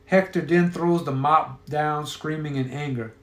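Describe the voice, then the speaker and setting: A man's voice: on the high side, steady tone, measured pace, echoey room. A man telling a crude story in a profane, offhand way.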